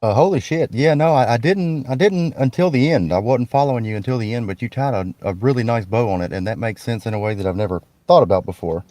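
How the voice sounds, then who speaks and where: A man's voice: medium pitch, fast, few pauses, dark tone, dry recording. A man hosting a podcast, talking emphatically and reacting openly to his guest. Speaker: podcast host. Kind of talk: podcast conversation.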